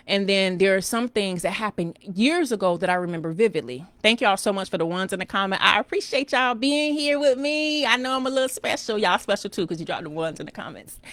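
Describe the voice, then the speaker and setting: A woman's voice: lowish voice, dry recording. A middle-aged woman, a financial coach talking casually and animatedly to her viewers, calling them "girl" and "child". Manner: animated, folksy, calls listeners "girl" and "child". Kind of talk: casual live-stream talk.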